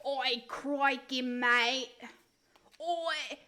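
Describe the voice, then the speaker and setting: A woman hamming up a loud mock Aussie larrikin. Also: high voice, drawn-out words, exaggerated voice. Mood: goofy. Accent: mock Australian. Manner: loud, jokey, stumbling. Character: brash exaggerated Aussie larrikin, bumbling.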